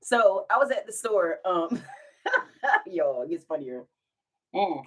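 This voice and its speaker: Giggly woman telling lively stories. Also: fairly low pitch, takes it slowly, husky. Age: adult with children. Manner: giggly, animated, bursts into laughter. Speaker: vlogger telling stories to live viewers. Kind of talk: casual storytime.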